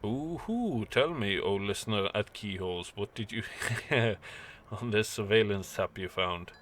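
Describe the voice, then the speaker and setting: A man's voice: fairly low pitch, lively intonation, a little slow, fairly bright tone. A man voicing a courtly male information broker who speaks in a polite, ornate way. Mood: pleased.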